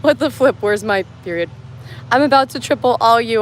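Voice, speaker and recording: A bubbly young woman with a fairly high voice chats on a phone livestream from outdoors in the woods. She rambles loosely, reacting to viewer comments, and there is a faint hiss behind her. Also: normal speed. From United States. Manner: bubbly, rambling, reads and answers chat comments. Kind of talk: casual livestream chat. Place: outdoors in wooded mountains.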